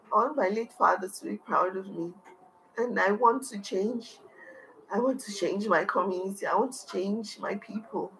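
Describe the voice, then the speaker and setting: A woman from Nigeria talks to an interviewer in an earnest, heartfelt way. Her pitch sits in the middle range. A faint hiss of noise stays under her voice throughout. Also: creaky, a bit bright, poor audio. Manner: earnest, heartfelt, tearful at times. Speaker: foundation founder, guest. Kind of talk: emotional interview talk.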